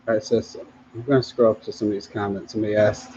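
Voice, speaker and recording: A man hosting a casual livestream, reading viewer comments aloud in a relaxed way, often laughing and trailing off mid-sentence. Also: fairly low pitch, fast, dull audio, slight background noise.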